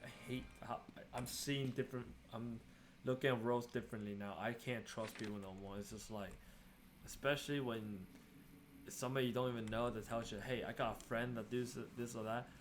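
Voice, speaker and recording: A man's voice: medium pitch, fairly even intonation, a little fast, a little hiss or hum. A young man venting about being swindled while he plays a game, in casual, exasperated commentary. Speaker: gaming streamer.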